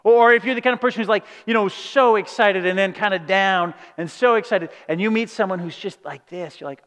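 A man preaching a sermon, lively and conversational, often asking "right?" and acting out quoted voices. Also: high voice, brisk, few pauses. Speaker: pastor. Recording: reverberant hall.

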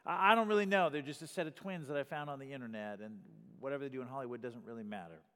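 A man's voice: mid-range voice, rapid-fire, fairly bright tone, smooth, long reverb tail. A man preaching a sermon in an earnest way, often repeating a word as he starts a sentence and pushing his voice up for emphasis. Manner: earnest, repeats words when starting, rises in volume for emphasis.

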